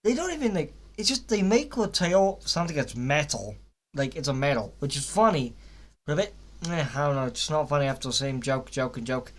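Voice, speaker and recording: A man's voice: fairly high pitch, big pitch swings, fairly quick. A young man giving a casual, rambling spoken review of a cartoon series, with frequent fillers, restarts and blunt swearing.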